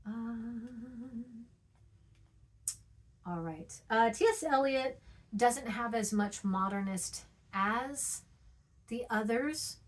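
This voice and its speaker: A woman's voice: on the high side, extremely slow, long pauses. A woman teaching a poetry lesson, chatty, checking in with "okay?" and "right?", and sounding out rhythms with playful noises.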